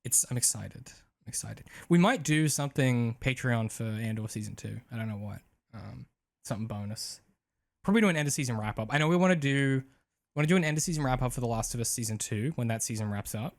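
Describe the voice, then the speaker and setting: A man co-hosting a casual podcast, talking freely with frequent ums and soft trailing endings. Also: mid-range voice, lively intonation, fast talker. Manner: chatty, many ums, trails off softly. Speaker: podcast co-host.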